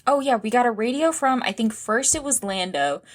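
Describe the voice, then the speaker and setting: A woman's voice: on the high side, animated, fairly quick. A woman co-hosting a podcast in casual chat, with a dry, sarcastic way of joking. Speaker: podcast co-host.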